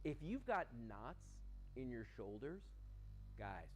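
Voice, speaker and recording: A man hosts a live shopping broadcast from a TV studio, talking in a loose, chatty way full of "you know" and "uh." His voice is animated, rising and falling widely in pitch. He sounds enthusiastic as he demonstrates a product. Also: takes it slowly, faint music behind, low-quality recording. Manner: chatty, enthusiastic, lots of fillers. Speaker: home shopping host. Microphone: earpiece and studio mic.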